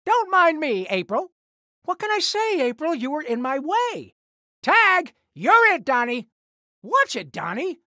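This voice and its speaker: A man's voice: very high-pitched, huge pitch swings, unhurried, sharp tone, dry recording, studio quality, heavily acted. A man voicing a brash, hot-headed teenage mutant turtle ninja in video game voice lines, full of sarcastic, cocky trash talk. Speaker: kart racer character.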